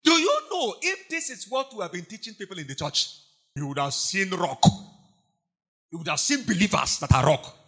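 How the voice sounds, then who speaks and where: Pastor, fiery sermon, high bright voice, husky, shouts then hushes, lots of repetition. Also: male voice, very animated, moderate pace. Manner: emphatic, repetitive, swings between shouting and hushed tones. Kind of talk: impassioned sermon.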